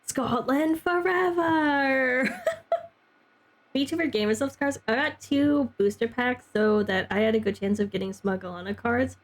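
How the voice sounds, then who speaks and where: Young woman, streamer, chatty, lots of "like", a little higher voice. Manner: chatty, heavy use of "like", frequent laughs. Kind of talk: casual chat with stream chat.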